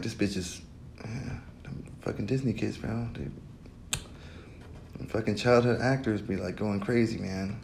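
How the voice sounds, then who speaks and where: A young man talks alone into a home mic, wandering from thought to thought. He swears in nearly every sentence, laughs at his own jokes, and keeps his voice at an ordinary middle pitch. A faint low rumble sits under his voice. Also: a little mellow. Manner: rambling, heavy swearing, frequent laughter. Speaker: podcast host. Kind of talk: casual profane monologue.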